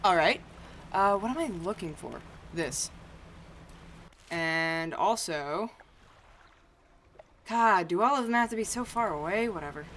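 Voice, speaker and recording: A woman's voice: on the low side, lively intonation, measured pace, pauses often, a bit bright, a little hiss or hum. A woman streamer giving casual, joking commentary as she plays, swearing freely and talking to herself.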